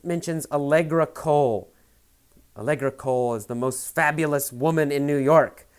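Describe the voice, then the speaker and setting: A man's voice: medium pitch, darkish tone, clear, resonant tone. A man teaching English, retelling a film scene and restating each idea in simpler words, with hesitant fillers. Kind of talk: explaining a film scene to learners.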